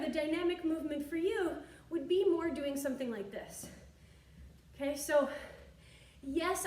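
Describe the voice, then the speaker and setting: A woman teaching a stretching and yoga lesson while demonstrating, chatty and encouraging, slightly out of breath. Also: high-pitched. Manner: chatty and encouraging, thinks aloud with asides. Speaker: yoga and fitness instructor. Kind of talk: instructional demonstration while exercising. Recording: echoey room, distant mic, faint hiss.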